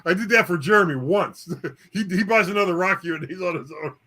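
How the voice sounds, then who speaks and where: A man co-hosting a casual chat, joking with his friend in a halting way. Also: sits high, sharp tone. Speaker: co-host.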